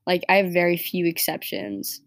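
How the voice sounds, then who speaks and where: Rambling teenage girl podcaster, low voice. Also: animated, normal speed. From New York. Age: teens. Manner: rambling, heavy use of "like" and "right?". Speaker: podcast host. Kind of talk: casual personal podcast monologue.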